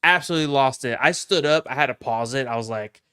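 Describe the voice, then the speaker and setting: A man's voice: mid-range voice, fast talker, smooth. A man who is a podcast guest, chatting casually and getting passionate as he talks. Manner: passionate, gets excited. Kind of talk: casual chat.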